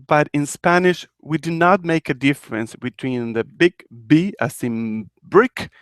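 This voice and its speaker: Male Spanish teacher from Argentina, slow and patient, repeats every example phrase, dry close-mic sound. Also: on the high side, expressive, smooth, no echo. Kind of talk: live online language lesson.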